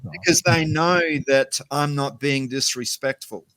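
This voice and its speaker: A man's voice: medium pitch, a little slow, a bit bright. A middle-aged man chatting casually as an interview guest, hesitant with many fillers. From Australia. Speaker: guest, company CEO.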